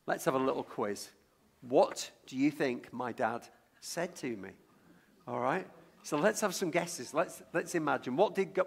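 This middle-aged Lancashire preacher chats his way through a sermon about his childhood, often repeating words partway through sentences and drawing in the congregation by having them call out guesses. His voice is a little high, gravelly, and a bit bright.

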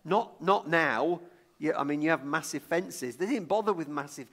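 A man's voice: on the high side, normal speed, creaky, a bit bright. A middle-aged man from Lancashire, England, preaching a sermon in a chatty way: he tells a story from his childhood, often repeats words mid-sentence, and asks the congregation to call out guesses. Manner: conversational, stumbles and repeats words, draws the congregation in with questions.

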